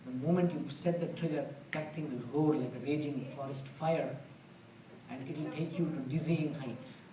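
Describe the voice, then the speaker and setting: This spiritual lecturer's fairly high voice stays steady and moves at normal speed as he gives a conversational discourse in a temple hall. His talk is earnest and plain, full of homely examples, and the roomy distant-mic recording carries background noise.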